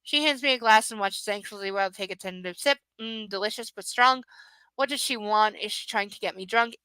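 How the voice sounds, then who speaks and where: A woman's voice: mid-range voice, quick pace, sharp tone, clear, resonant tone, no echo, low-quality recording. A woman reading a romance novel aloud live, breaking off for sarcastic, swearing jokes about the text. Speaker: reader of a novel.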